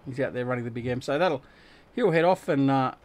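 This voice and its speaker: Casual and chatty, this Australian streamer jokes with his audience and responds to their messages mid-game. He talks fairly quickly at a medium pitch.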